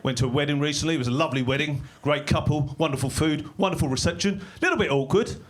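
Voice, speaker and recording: Deadpan high-voiced man doing stand-up. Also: fast. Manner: dry, deadpan delivery with sudden shouted bursts. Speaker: stand-up comedian. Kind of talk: deadpan stand-up one-liners. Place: small comedy club stage in London. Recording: live club recording with audience laughter. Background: crowd laughing.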